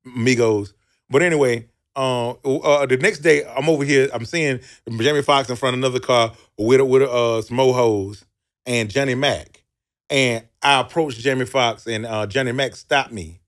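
A man's voice: mid-range voice, moderate pace. A man with a Southern US accent, telling a loose, profane story with laughs on a comedy talk show. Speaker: comedian guest.

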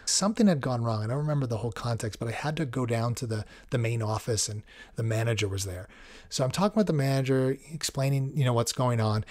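A man talks in an easy, conversational way. He is a podcast host, speaking reflectively in a calm, unhurried monologue. His voice sits at an ordinary male pitch.

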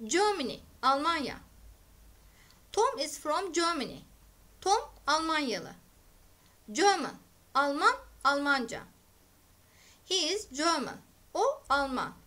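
Slow, bright-voiced woman teacher. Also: high voice, big pitch swings. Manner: clear, deliberate, repeating each word for learners. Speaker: English teacher. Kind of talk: slow vocabulary drill, English word then Turkish meaning.

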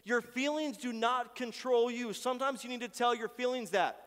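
High-voiced preaching pastor in a reverberant hall. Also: male voice, moderate pace, few pauses. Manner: earnest, shifts between quiet prayers and loud pleading. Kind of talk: sermon. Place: church sanctuary.

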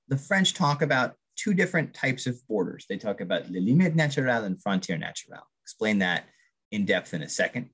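A man's voice: on the low side, breathy edge. A man lecturing on archaeology to a public audience, enthusiastic, often checking in with "right?". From Vermont's Northeast Kingdom. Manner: enthusiastic, frequent tag "right?".

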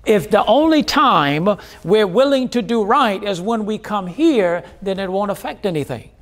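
A man's voice: high voice, animated, measured pace, a bit bright. A man preaching a sermon as pastor, driving points home with repeated phrases and questions to the congregation.

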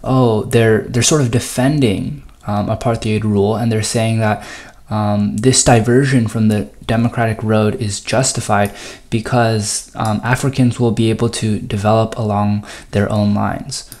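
A man's voice: on the low side, fairly even intonation, measured pace, a little mellow. A man tutoring through a recorded test review, explaining answers with frequent ums and you-knows and reading passages aloud.

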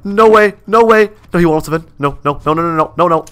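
A man giving chatty, excitable live gameplay commentary, repeating phrases and laughing often as he plays and reads his chat. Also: a little high, fairly quick, smooth. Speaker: gaming YouTuber.

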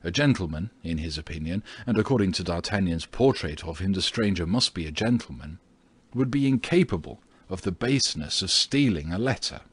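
A man narrating an audiobook with a steady, measured reading. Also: sits low, husky, no echo. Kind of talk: scripted narration.

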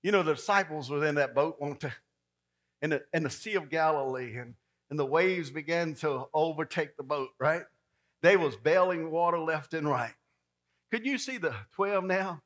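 A man preaching a folksy, dramatic sermon that swings from loud to hushed. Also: on the high side, normal speed.

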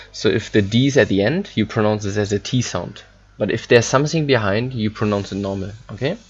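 A man teaching a German lesson in English, halting and full of fillers as he explains pronunciation. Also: fairly low pitch, a little hiss or hum. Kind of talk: online language lesson. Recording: dull lo-fi recording.

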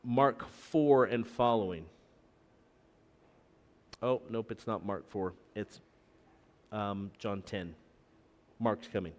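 A man's voice: on the low side, slow pace, pauses often, in a large hall. A middle-aged man preaching a sermon as pastor, with joking asides to the congregation. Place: church sanctuary.

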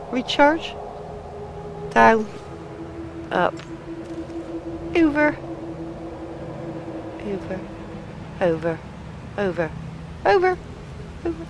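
An excitable woman narrates her gameplay, muttering and cursing to herself as she goes. Her voice swoops wildly between low grumbles and high squeals, and she talks slowly and drawn out. A steady noise sits behind her on this home game capture. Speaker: let's play gamer. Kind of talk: gameplay commentary.

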